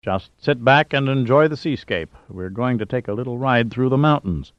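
A man doing a dry, deadpan adventurer. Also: medium pitch, normal speed, no echo, natural voice. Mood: wry. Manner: dry and understated. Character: wry, unflappable male adventurer. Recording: dull dry lo-fi audio.

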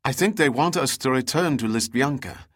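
A woman's voice: extremely low pitch, expressive, normal speed, slightly rough, exaggerated voice. Brief: worried woman on a boat, read by a male narrator, plain and earnest. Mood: concerned.

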